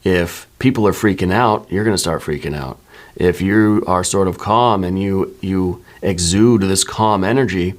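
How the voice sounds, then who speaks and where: Deep-voiced man giving a tarot reading. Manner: relaxed, musing, often checks in with "right?". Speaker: tarot reader. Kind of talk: soft-spoken tarot reading.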